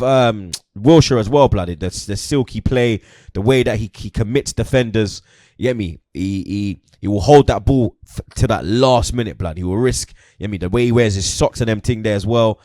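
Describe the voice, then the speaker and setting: A man's voice: on the low side, normal speed, darkish tone, dry recording, studio quality. A young man chatting casually about football as host, peppering his talk with slang like "you get me" and "blood".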